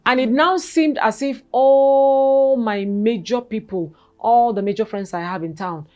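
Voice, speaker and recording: A woman in her forties, guesting on an interview, shares her own story in a fairly high voice. She starts out halting and repeating words, then grows animated.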